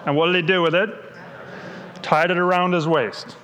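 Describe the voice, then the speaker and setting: Higher-voiced man quizzing a class in a hall. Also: fairly even intonation, normal speed, a bit bright. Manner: quizzing, conversational, explains as he goes. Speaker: Bible teacher. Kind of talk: question-and-answer Bible story review. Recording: long hall reverb.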